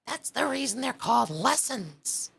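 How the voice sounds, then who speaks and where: A woman voicing a gruff, impatient male Griffin who speaks in brusque exclamations. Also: a little high, very animated, a little slow, fairly bright tone, slight background noise, voice pushed up, full character voice.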